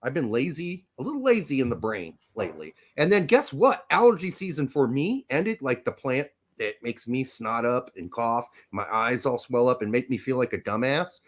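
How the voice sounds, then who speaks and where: A man's voice: medium pitch, big pitch swings, moderate pace, hardly any pauses. A young man hosting a podcast, rambling energetically and joking with frequent laughs. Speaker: podcast host. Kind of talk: casual chat.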